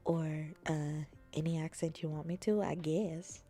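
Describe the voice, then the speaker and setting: Woman streamer just chatting, dark mellow voice, whispery bits, quiet music behind. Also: low voice, fairly even intonation, unhurried. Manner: playful, drifts into soft whispers. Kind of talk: casual chat.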